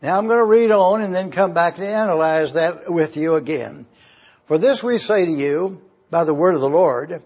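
A man preaching a sermon as pastor, teaching at a slow, deliberate pace and breaking down Greek words of a Bible verse. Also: high voice, a little mellow. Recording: dull lo-fi recording.

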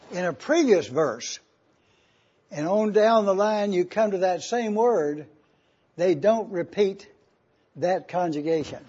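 Slow, husky high-voiced preacher. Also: male voice, lo-fi sound. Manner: teaching, emphatic with sudden excited outbursts. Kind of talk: sermon.

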